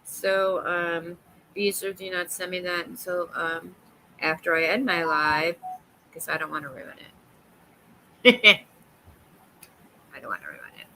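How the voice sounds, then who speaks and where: A woman with a New York accent rambles and giggles through a casual livestream chat, jumping from one topic to the next. Her voice is bright and tense, and her pitch swings widely. A faint hum of background noise sits under her. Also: lively intonation, measured pace, pauses often, rough recording. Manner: giggly, rambling, jumps between topics, breaks into silly voices. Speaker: livestream host.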